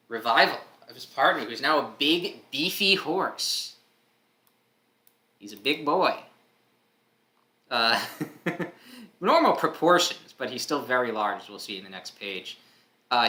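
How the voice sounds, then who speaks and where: A man's voice: lowish voice, bright, forceful tone, reverberant. A man hosting a live comic read-along, chatty and casual, who laughs often and drifts into fillers. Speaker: host reading a comic live.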